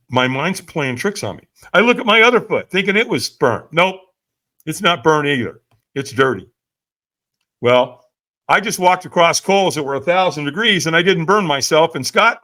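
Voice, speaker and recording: A middle-aged man telling a story with lots of life, his voice rising and falling widely. His tone is bright and forceful, and he keeps adding quick asides to the listener as he acts out the scenes. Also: on the high side. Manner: vivid storyteller, frequent "right?" asides, acts out quotes. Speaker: podcast guest, firewalk instructor. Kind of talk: animated storytelling in an interview.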